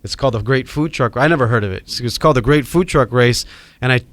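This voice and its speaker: A middle-aged man from Hawaii with a Hawaiian accent, telling animated stories as a podcast guest. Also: mid-range voice, fast talker, no room sound. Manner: animated storyteller acting out quoted voices. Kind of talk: storytelling in a podcast interview.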